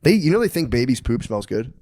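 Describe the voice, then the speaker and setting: A man's voice: medium pitch, big pitch swings, quick pace, dark tone, a little hiss or hum. A man in his thirties co-hosting a podcast, crude and laughing often, saying "dude" a lot. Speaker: podcast co-host. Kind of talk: casual comedic chat.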